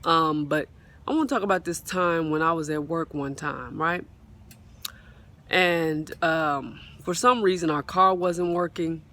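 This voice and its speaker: Swinging outdoors, a woman gives a spoken faith testimony to her phone, fervent and repetitive, frequently addressing her viewers directly. She has a deep voice, a somewhat slow pace, and a sharp tone, and her phone mic is at times partly covered.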